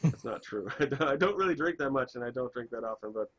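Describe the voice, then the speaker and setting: A man streaming a game, chatting in a rambling, self-interrupting way while hoarse from a cold. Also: medium pitch, animated, quick pace, fairly bright tone. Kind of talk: casual chat while gaming.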